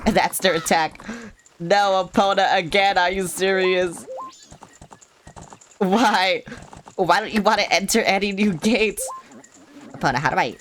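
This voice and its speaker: A woman's voice: mid-range voice, unhurried, long pauses, fairly bright tone, slight background noise. A woman streamer giving live gameplay commentary, chatty and sarcastic, with frequent swearing and asides to herself.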